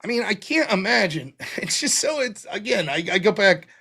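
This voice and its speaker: A man's voice: high voice, very animated, normal speed, creaky, bright, forceful tone, breathy edge. A man hosting a livestream commentary show, talking bluntly and swearing freely. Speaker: host.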